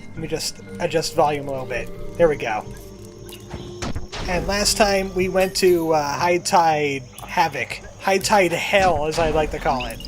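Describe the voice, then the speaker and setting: A man's voice: on the high side, unhurried. A man giving casual, self-deprecating gameplay commentary as a let's-play gamer. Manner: self-deprecating, chatty, jokey. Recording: game music playing underneath.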